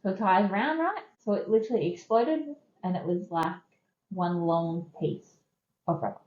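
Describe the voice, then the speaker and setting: A woman's voice: medium pitch, moderate pace, roomy sound, lo-fi sound. A woman in her thirties with an Australian accent, hosting a podcast and candidly telling personal stories in a conversational, emphatic way. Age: 30s. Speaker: podcast host. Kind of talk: personal storytelling.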